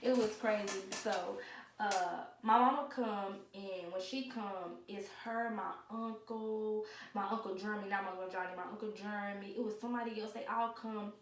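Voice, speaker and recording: A young woman, casually telling a story and loudly acting out the people she quotes. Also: mid-range voice, normal speed, recorded from a distance. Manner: animated, acts out quoted voices loudly. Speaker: vlogger. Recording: echoey room, away from the mic, faint noise.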